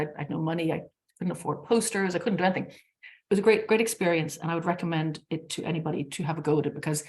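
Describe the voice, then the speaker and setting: A woman's voice: lowish voice, vocal fry. A middle-aged Irish woman speaking on a panel, telling her story candidly and passionately, with lots of ums and restarts. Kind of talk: unscripted panel talk.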